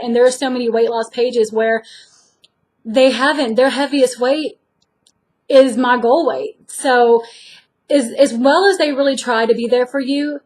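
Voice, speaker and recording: A woman talking candidly to the camera in an earnest, encouraging way. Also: high voice. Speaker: vlogger sharing her weight loss journey. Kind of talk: candid direct-to-camera talk.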